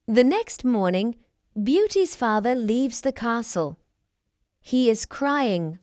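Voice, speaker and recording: Slow, clear female storybook narrator. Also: on the high side, sing-song, a little mellow, no room sound. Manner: clear, deliberate reading for learners.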